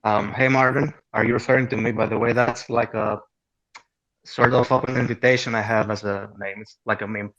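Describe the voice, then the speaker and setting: A man's voice: on the low side, steady tone, fairly quick, fairly bright tone. A man from Greece with a Greek accent, a caller asking a hesitant question full of fillers. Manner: hesitant, apologetic, many fillers. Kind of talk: casual question to a host. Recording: dull lo-fi voice chat audio.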